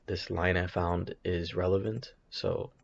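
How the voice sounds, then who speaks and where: A man's voice: deep voice, fairly even intonation, unhurried, creaky, lo-fi sound. A man thinking aloud while commenting on his trading charts, hesitant and rambling with frequent restarts. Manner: hesitant, rambling, many restarts and self-corrections. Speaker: options trader streaming his chart analysis.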